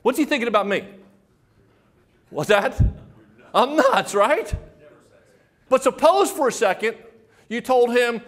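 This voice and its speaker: A man's voice: extremely high pitch, a little slow, pauses often. An older man giving a motivational sales talk to an audience, telling stories and firing rhetorical questions at the crowd. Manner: animated storytelling, acts out quoted voices. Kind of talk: keynote speech to an audience.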